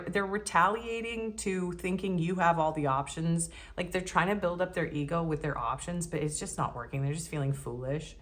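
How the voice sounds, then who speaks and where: A woman with a notably deep voice talks through a casual tarot reading. She keeps it chatty and cheeky and laughs easily as she speaks. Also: fairly bright tone, a little hiss or hum. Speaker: tarot reader.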